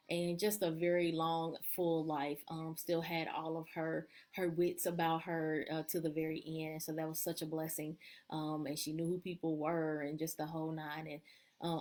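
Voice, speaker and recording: A woman coach speaks on a live stream from her kitchen table, her voice a little low. She talks in a loose, easygoing way, full of ums and uhs, offering encouragement. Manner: warm-hearted, loose, with many ums and uhs. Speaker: leadership and empowerment coach. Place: at home at a table with children nearby.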